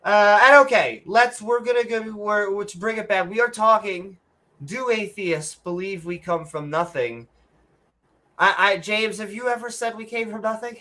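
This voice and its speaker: A woman co-hosting a podcast, her voice bright and forceful. She rants bluntly with sarcastic jabs and the odd curse, in a loose, casual chat. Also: medium pitch, normal speed. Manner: blunt, sarcastic, swears freely. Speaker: podcast co-host.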